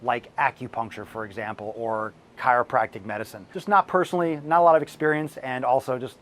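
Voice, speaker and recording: A man hosting a fitness channel and answering viewer questions, blunt and profane and ranting at times, his voice slightly hoarse as he loses it. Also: mid-range voice, fairly even intonation, fairly quick, a bit bright.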